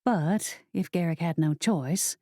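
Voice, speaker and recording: Slow, mellow woman audiobook narrator. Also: on the low side, no echo, studio quality. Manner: steady, measured storytelling. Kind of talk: first-person audiobook narration.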